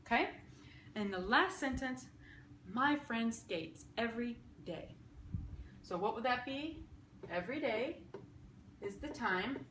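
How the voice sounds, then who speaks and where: A woman's voice: on the high side, animated, slow pace, pauses often, fairly bright tone. A woman teaching sign language grammar in a casual way. She explains step by step at a whiteboard and keeps checking in with "okay?". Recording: echoey room, faint background noise.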